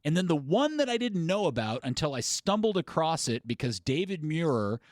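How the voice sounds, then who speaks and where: A man's voice: fairly high pitch, big pitch swings, moderate pace, dry recording, clean studio sound. A man co-hosting a casual chat, rambling through stories and poking fun at himself. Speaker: podcast co-host.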